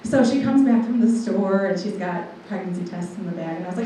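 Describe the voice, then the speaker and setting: Warm-voiced woman telling her story. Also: mid-range voice, brisk, a little hiss or hum. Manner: lively storytelling, acting out what people said. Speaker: guest speaker. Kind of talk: personal testimony told to an audience. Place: large room with a live audience. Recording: echoey hall, voice from far off.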